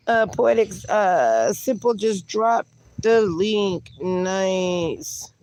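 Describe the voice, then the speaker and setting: A woman's voice: mid-range voice, animated, very slow, darkish tone. A woman hosting a casual livestream, reading viewers' comments aloud and laughing often between them. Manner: laughs often, reads chat messages aloud; talks sweetly to her dog. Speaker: livestream host.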